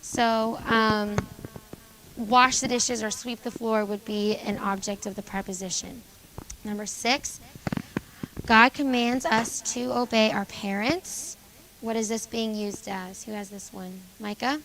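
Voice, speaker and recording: A woman teacher going over grammar exercises with a junior high class, calling on students by name and confirming their answers. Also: measured pace, noisy background. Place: school classroom.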